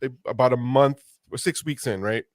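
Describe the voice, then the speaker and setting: A man hosting an interview podcast, talking earnestly and haltingly with many restarts. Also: mid-range voice, dry recording, clean studio sound. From United States. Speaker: podcast host. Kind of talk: conversational interview.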